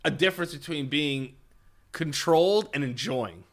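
A man's voice: on the high side, a bit bright. A man co-hosting a podcast in casual chat, defending himself and asking questions, often stumbling over his starts. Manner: defensive, questioning, halting restarts. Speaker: podcast co-host.

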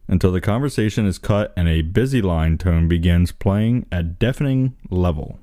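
A man with a low, mellow voice reads a text aloud to a friend and jokes about it. His pitch moves around a lot, and he keeps slipping into laughter. The sound is dry and close. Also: expressive, normal speed, hardly any pauses, dry recording. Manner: giggly, breaks into laughter while reading. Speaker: co-host reading an entry aloud. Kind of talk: casual chat, reading text aloud with commentary.

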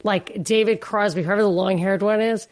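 A woman co-hosting a news talk show, hoarse and losing her voice, chatting in a rambling, chatty way while on remote. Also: mid-range voice, steady tone, moderate pace, a little mellow. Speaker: co-host. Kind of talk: casual news chat. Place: on remote, away from studio.

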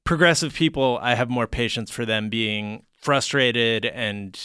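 A man co-hosting a podcast, laid-back, with deadpan jokes and many fillers. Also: medium pitch, unhurried, clean tone, dry recording, studio quality. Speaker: podcast co-host. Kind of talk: casual chat.

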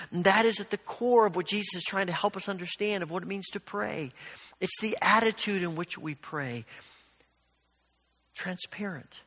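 A man's voice: high-pitched, sharp tone. Earnest older male pastor in a reverberant hall. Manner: storytelling, conversational and earnest. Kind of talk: sermon.

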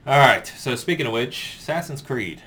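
A man co-hosting a podcast, running through gaming news in a relaxed, chatty way and laughing often. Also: medium pitch, moderate pace, slight background noise. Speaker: podcast co-host. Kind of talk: casual gaming news chat.

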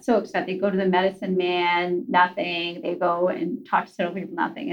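A woman's voice: medium pitch, highs cut off. Chatty woman guest telling a story. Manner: chatty, with many fillers and restarts. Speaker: podcast guest. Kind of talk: casual storytelling conversation.

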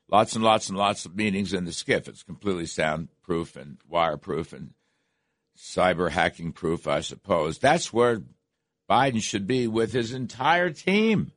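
A man's voice: low-pitched, fairly bright tone, dry recording. An older man hosting a talk radio show, delivering emphatic, repetitive political commentary from a studio. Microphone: studio microphone.

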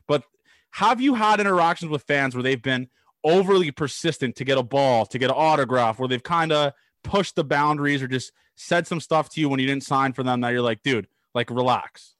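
A man's voice: a little high, dry recording. A young man from Canada hosting a casual interview, telling wild stories with energy and swearing casually. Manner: animated storyteller, swears casually. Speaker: podcast host.

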